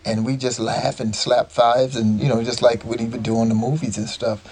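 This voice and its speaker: Gravelly man telling rambling stories. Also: medium pitch, flat delivery, moderate pace, a little mellow. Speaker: guest. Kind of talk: casual storytelling.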